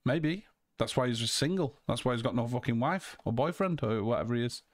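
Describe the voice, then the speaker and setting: A man's voice: medium pitch, animated, brisk. A man hosting a call, talking in a heated, emphatic way, swearing and repeating himself. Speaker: host. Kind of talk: heated casual call chat.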